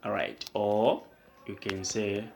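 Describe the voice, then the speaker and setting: A man's voice: on the low side, flat delivery, takes it slowly, gravelly, darkish tone, soft background music. A man tutoring math, explaining each step and prompting with questions. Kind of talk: whiteboard math lesson.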